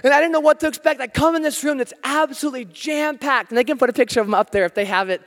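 American guy preaching in a big echoey church hall, high voice, jokes at his own expense. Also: racing. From United States. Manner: storytelling, animated, self-deprecating humor. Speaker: pastor. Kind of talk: sermon. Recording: long hall reverb.

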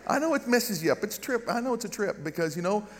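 Southern guy preaching, kinda high voice, jokey and loud, big church echo all around. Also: fast, slight background noise. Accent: Southern American. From United States. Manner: joking, animated preaching with calls of amen. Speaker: guest pastor. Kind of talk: humorous sermon. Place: large church with balcony.

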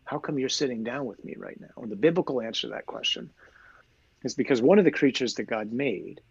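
Husky priest guy explaining stuff, lots of big why questions, kinda muffled dry recording. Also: medium pitch, a little fast, no room sound. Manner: animated storyteller, rhetorical questions. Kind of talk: conversational teaching.

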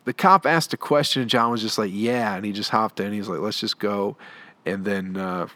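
Young man, rambling comic storyteller, profane and laid-back, lowish voice, dry close sound. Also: normal speed, sharp tone, dry recording. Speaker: comedian. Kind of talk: storytelling monologue.

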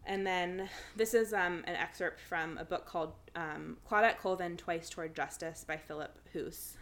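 Casual woman reading aloud, lowish voice. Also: steady tone, moderate pace, a bit bright. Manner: reads aloud with fillers and side comments. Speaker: reader sharing a story.

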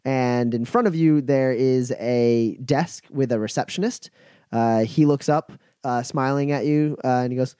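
A man serving as game master, narrating a tabletop game in a relaxed way full of fillers. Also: mid-range voice, unhurried, clean tone, dry recording, clean studio sound.

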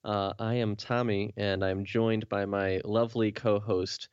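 A male podcast host chatting casually and joking with his guests. His voice has a medium pitch. The recording is dry and a little muffled, with no room echo. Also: flat delivery, unhurried, smooth. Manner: joking and upbeat.

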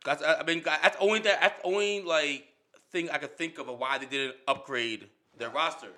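A man's voice: a little high, brisk, bright, forceful tone, a little hiss or hum. A man in a casual sports debate who talks animatedly, laughs often and repeats himself.

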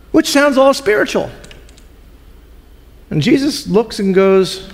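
A male pastor preaches in an expressive storytelling style, with a fairly high voice. His pitch rises and falls a lot. A long reverb from a large hall follows his words. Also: slow pace, pauses often. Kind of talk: sermon.

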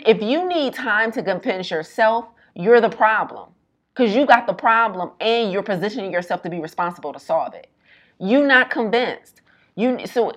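A woman health coach giving an emphatic, colloquial motivational talk, repeating her points in quick bursts. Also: medium pitch.

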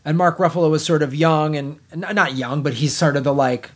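Reviewing a movie in relaxed podcast banter, this middle-aged co-host is lively and outspoken, cursing often and frequently starting sentences over. He speaks briskly in a voice on the high side.

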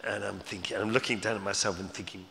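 This guest at a live Q&A has a lowish, gravelly voice that sounds pushed and bright, delivered fast in a steady tone. He rambles through anecdotes on a hall stage before an audience, full of restarts and repeated words. Faint ambience, live hall reverb, and a slight hiss or hum sit under the audio.

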